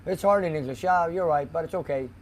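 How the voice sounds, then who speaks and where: A man's voice: fairly high pitch, fast, a little hiss or hum. A man hosting a casual live stream from a garage, reading viewer comments aloud and chatting about them, sometimes slipping into Greek. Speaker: host reading live chat. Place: car garage shop.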